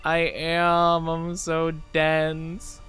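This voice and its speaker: Chatty young male streamer, squeals high. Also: completely flat delivery, very slow, fairly bright tone, soft background music. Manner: rambling, self-deprecating, jumps into high squeals. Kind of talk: casual live-stream chat.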